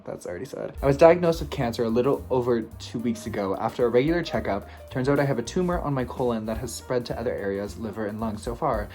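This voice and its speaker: A man hosting a video, reading posts aloud and reacting to them expressively, swinging between playful and hushed. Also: mid-range voice, fast talker, few pauses, soft background music. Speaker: video host.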